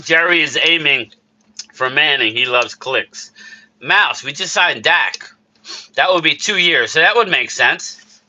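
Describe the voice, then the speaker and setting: A man's voice: fairly high pitch, animated, a little slow, bright, forceful tone. A man hosting a casual live stream about sports, ranting in a heated, worked-up way and answering chat messages. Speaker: streamer host reading chat.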